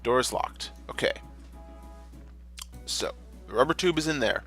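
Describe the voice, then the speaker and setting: A man's voice: mid-range voice, expressive, unhurried, pushed and bright, soft background music. A man narrating his gameplay in a casual, rambling, jokey way, often correcting himself mid-sentence. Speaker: gamer, channel host. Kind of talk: casual let's-play commentary.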